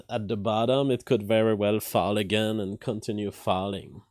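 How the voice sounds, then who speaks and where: A man hosting a live stream, talking through the news in a loose, conversational way. His voice sits at an ordinary middle pitch and is picked up close on a dry mic with no room sound. He stumbles through restarts and filler words, and he reads headlines aloud before reacting to them. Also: darkish tone, dry recording. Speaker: live-stream commentary host. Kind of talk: casual political and news commentary.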